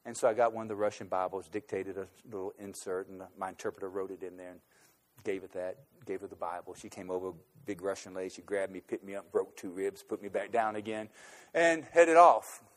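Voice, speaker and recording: A man telling a personal anecdote, shifting between loud, emphatic bursts and quiet, low asides. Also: fairly even intonation, fairly quick. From United States. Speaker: speaker recounting a trip abroad.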